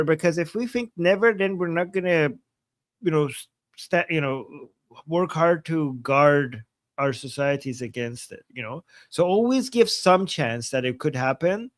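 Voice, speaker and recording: A man hosting a political livestream, reading viewer super chats and reacting in casual, upbeat chat with quick acknowledgments. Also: a little high, no echo.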